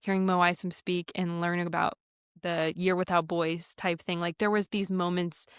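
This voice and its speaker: Smooth-voiced woman in casual chat. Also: lowish voice, flat delivery, normal speed, no echo, clean studio sound. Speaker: podcast co-host.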